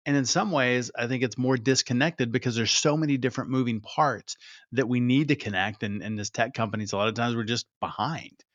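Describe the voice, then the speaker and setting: A man hosting a podcast, telling a story in an energetic, conversational way. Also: medium pitch, a little fast, no room sound, highs cut off. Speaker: podcast host. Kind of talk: podcast monologue.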